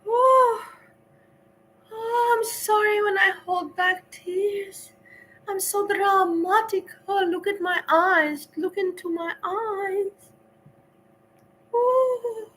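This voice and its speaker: A squeaky, over-the-top crybaby voice put on by a woman, heavy theatrical sighs and drawn-out sing-song lines. She sounds a little distant from the mic and far above her own pitch. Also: fairly bright tone, a little hiss or hum, heavily acted. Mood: mocking. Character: theatrical weepy woman, mocking parody.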